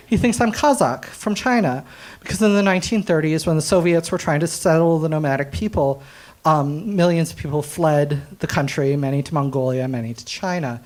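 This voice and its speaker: Young American man, stand-up comic on a live stage; animated, chuckling, filler-heavy delivery. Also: a little high, a little fast. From United States. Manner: animated, laughing at his own jokes, many fillers. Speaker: stand-up science comedian. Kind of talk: stand-up storytelling. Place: stage at a live comedy night.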